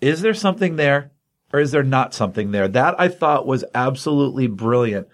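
Comic podcast host, man, mid-pitched, chatty and excited recapping. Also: brisk. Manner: excitable storyteller, loose and rambling with fillers. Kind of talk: casual chat retelling a comic.

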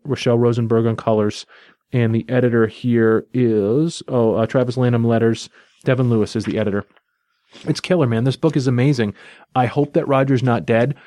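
Guy retelling a comic issue, excited and rambly, mid pitch, dry close sound. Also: no room sound. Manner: enthusiastic, chatty, loose storytelling. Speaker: comic book reviewer. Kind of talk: casual spoken recap and review.

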